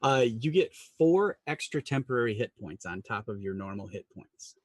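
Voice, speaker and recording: A man's voice: medium pitch, animated, moderate pace, no echo. A man narrating as game master, hesitant and full of fillers and restarts. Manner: hesitant, many fillers and repeated words.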